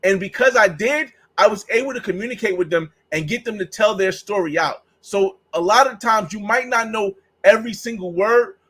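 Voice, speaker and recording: A man's voice: sits high, normal speed, hardly any pauses, a bit bright, slightly rough, rough recording. A man hosting a travel vlog, chatting casually and rambling through stories with acted-out exchanges. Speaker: travel vlogger host. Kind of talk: casual livestream chat.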